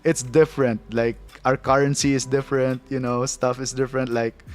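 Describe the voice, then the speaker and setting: A chatty man hosts a relaxed livestream at a mid pitch, talking loosely, reading viewer comments aloud and laughing often. A faint bed of music plays under his voice. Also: moderate pace. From Philippines. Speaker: livestream host. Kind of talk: casual live chat.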